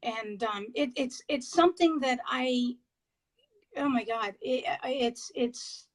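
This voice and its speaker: Speaking in a high voice over a low-quality video call recording, a female paranormal investigator shares her stories in a relaxed interview. She is excitable and halting, often restarting and leaning on fillers.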